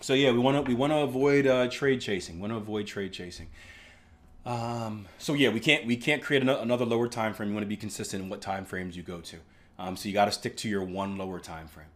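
A man's voice: lowish voice, fast talker. A man teaching trading in a casual live stream, chatty, who keeps asking "right?" and acts out his stories. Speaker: trading instructor.

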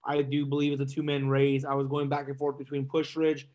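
A man co-hosting a casual sports chat, relaxed and a bit hesitant, with stumbling starts. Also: medium pitch, fairly quick. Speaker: sports podcast co-host.

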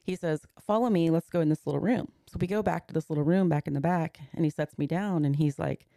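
A woman in her forties tells a personal story in a podcast conversation, walking through events one step at a time. Her voice is warm and darker in tone, with a gravelly edge. The sound is close and dry, with no room around it. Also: deep voice, steady tone, fast, dry recording. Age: 40s. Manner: earnest, recounting events step by step and voicing others' words. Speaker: podcast guest.

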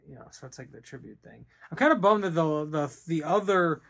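A man's voice: a little high, expressive, a little fast, creaky, a bit bright. A man co-hosting a casual podcast, rambling through a movie recap with laughs and crude jokes. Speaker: podcast co-host. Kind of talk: casual movie discussion chat.

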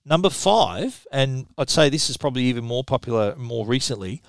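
A middle-aged Australian man presenting tech news in a quick, chatty, casual way, often restarting his phrases. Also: mid-range voice, vocal fry, no echo.

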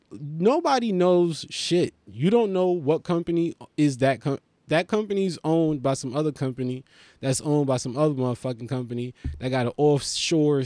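Podcast host, male, Haitian-born comedian, loose, profane storytelling, voice sits a bit high, dry close sound. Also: dry recording. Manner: profane, animated, acts out other people's voices. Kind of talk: casual storytelling rant.

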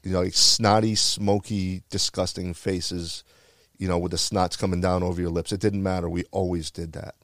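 A man's voice: deep voice, level tone, moderate pace, a bit bright, no echo, studio quality. A man from the Bronx, a retired firefighter earnestly telling a heartfelt personal story. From the Bronx, New York. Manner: earnest and heartfelt, with repeated phrases.

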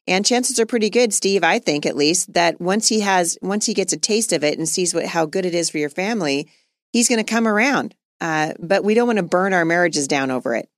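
A woman's voice: lowish voice, lively intonation, brisk, dry recording, clean studio sound. A middle-aged woman hosting a podcast, talking earnestly and conversationally and laughing easily. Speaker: podcast host.

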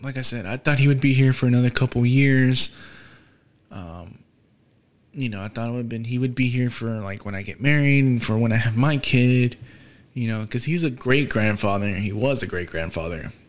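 A young man hosting a podcast, talking casually and quietly, with many fillers and pauses, subdued by grief. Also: mid-range voice. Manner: soft, halting, with frequent fillers and trailing off. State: grieving, subdued. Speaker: podcast host. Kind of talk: casual solo podcast talk.

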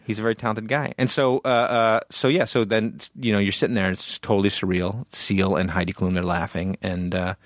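A man's voice: fairly low pitch, steady tone, a little fast, hardly any pauses, no room sound, studio quality. A man co-hosting a podcast, telling a long casual story full of fillers and restarts. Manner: rambling, lots of fillers and restarts. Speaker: podcast co-host.

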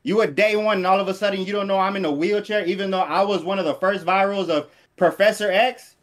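Combative man with a high voice, trading taunts in a live argument, relentless and repetitive. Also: quick pace, few pauses. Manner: combative, mocking, repeats taunts. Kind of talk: heated argument.

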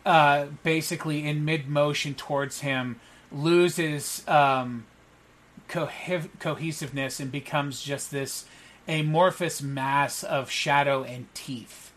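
A man narrating a tabletop game as game master, halting with frequent fillers. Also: a little high, steady tone, a bit bright, low-quality recording.

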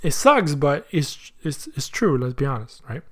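A man's voice: fairly high pitch, big pitch swings, moderate pace. A man hosting a soccer podcast in casual chat, slangy and thinking aloud as he goes. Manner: chatty, thinks aloud, asks himself questions.

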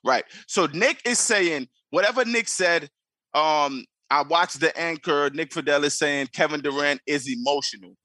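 A man's voice: fairly high pitch, normal speed, sharp tone, dry recording. A man co-hosting a sports podcast, arguing insistently and repeating himself in a casual debate. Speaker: podcast co-host.

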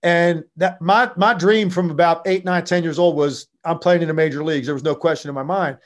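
A man's voice: on the high side, brisk. A man from Virginia, a former basketball player, telling stories in a casual interview with lots of fillers. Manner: animated, with frequent fillers.

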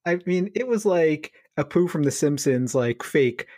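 A man co-hosting a physiotherapy podcast, telling a funny story in an animated way, laughing often and using lots of fillers. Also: fairly high pitch, a little slow, no echo, studio quality. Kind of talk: casual storytelling chat.

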